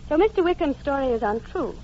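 An actress voices a sharp-witted young gentlewoman in a radio drama, high-voiced and poised. She keeps a cool, pointed politeness in every line. The sound is dull and lo-fi, with a faint hiss under it. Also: lively intonation, fast. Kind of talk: radio play acting.

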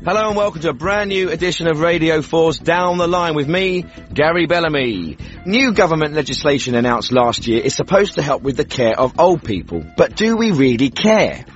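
A man's voice: on the high side, expressive, fairly quick, soft background music, close to an everyday voice. An actor playing a pompous, tactless middle-aged male radio phone-in host, in a scripted radio comedy. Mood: smug. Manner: smug, tactless presenter. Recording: dry, slightly dull radio broadcast.

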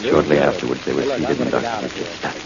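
A man narrating a 1940s radio drama in a measured, formal manner. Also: extremely low pitch, very animated, gravelly, a crowd in the background, full character voice. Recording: dull old radio recording.

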